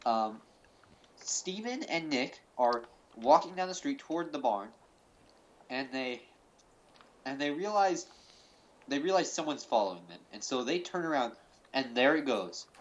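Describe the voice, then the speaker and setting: A man's voice: mid-range voice, lively intonation, a little slow, long pauses, lo-fi sound. A man hosting a mock-serious fan-theory presentation over a call. He rambles, with lots of fillers and restarts. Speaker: host. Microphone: call recording.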